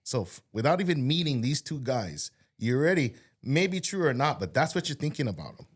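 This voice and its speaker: Middle-aged hawaii guy w pidgin accent, talks story, lively up and down voice. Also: medium pitch, brisk, slightly rough. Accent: Hawaiian Pidgin-tinged English. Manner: animated, acts out voices in his stories. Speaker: podcast guest, entrepreneur. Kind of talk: casual storytelling chat.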